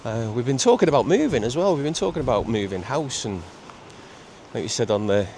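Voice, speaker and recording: A middle-aged man, chatting casually in a walking vlog on a seaside promenade, halting with many repeats and fillers. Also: mid-range voice, very animated, darkish tone. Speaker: vlogger. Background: faint outdoor ambience with traffic and seagulls.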